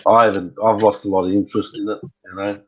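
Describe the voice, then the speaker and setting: A man's voice: lowish voice, flat delivery, quick pace, dull audio. A middle-aged man chatting casually as a guest on a live stream, rambling and hesitant with many fillers. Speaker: guest RC hobbyist.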